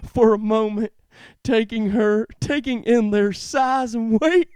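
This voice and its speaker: Laughing podcast co-host reading aloud. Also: male voice, high voice, a little mellow, smooth, no echo, clean studio sound. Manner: reads haltingly, laughing often. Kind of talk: casual chat, reading aloud.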